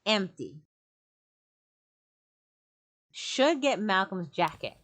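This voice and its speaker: A woman talking through a game playthrough, planning moves out loud in a plain way. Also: mid-range voice, sing-song, very slow, a little hiss or hum. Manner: thinking aloud, plainly spoken. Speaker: gamer.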